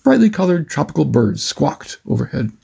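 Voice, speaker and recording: A man narrating a children's adventure story with a steady, expressive reading. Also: fairly high pitch, normal speed, gravelly, breathy edge.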